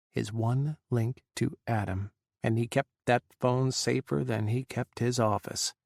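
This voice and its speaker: A man reading an audiobook in a measured, dramatic narration style. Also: mid-range voice, vocal fry, a little mellow, no echo, studio quality. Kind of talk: scripted narration.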